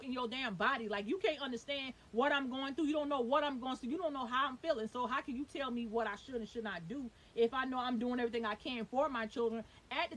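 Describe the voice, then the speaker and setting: A young woman vlogging about her own life, talking fast and emphatically and swearing when upset. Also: sits high, fairly bright tone, rough recording. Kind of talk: heated personal storytelling. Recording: faint hiss.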